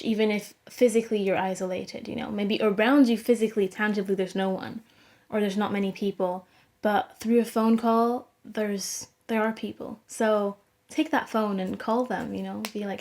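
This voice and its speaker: A woman's voice: medium pitch, a little mellow. A young woman vlogging casual advice in a chatty way, full of fillers and quoting herself. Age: young adult. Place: student flat.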